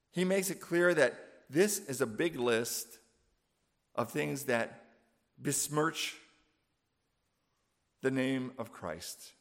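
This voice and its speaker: A man's voice: mid-range voice, fairly bright tone. A man preaching a sermon in a conversational way, often checking in with "right?" and "you know". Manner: conversational, with frequent fillers and "right?" asides.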